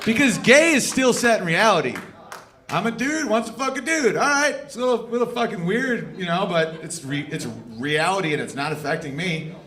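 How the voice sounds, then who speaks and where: A man performing a brash stand-up comedy set on a club stage, bursting into loud shouted bits. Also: sits high.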